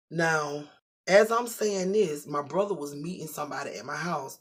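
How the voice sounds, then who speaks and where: A middle-aged vlogger tells a story casually to the camera in a husky, slightly breathy voice. The delivery is animated and full of profanity, slipping into the voices of the people in the story. The pitch sits in the middle of the range. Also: normal speed.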